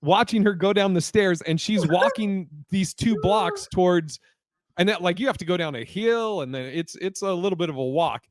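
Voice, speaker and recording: Animated, profane man telling a story. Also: high-pitched, normal speed, no room sound. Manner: animated, profane, laughs often. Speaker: podcast co-host. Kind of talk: casual storytelling.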